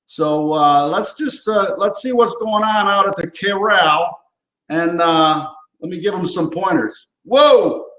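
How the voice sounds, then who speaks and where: A man's voice: sits high, measured pace, sharp tone. A man hosting a cooking show in a rambling, upbeat chat full of fillers and asides. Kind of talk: casual on-camera chat. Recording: roomy echo.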